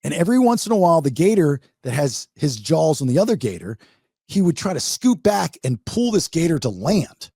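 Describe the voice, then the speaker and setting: A man hosting a podcast, telling a story in a casual, animated way and acting out the quotes. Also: on the high side, brisk, vocal fry, slightly rough, dry recording, studio quality. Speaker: podcast host.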